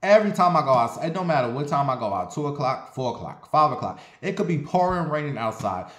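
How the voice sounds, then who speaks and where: A man's voice: on the high side, fast, slight background noise. Blunt, sassy man in his forties. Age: 40s. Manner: blunt, sassy, profane, animated. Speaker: vlogger. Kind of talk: casual storytelling monologue. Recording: roomy echo.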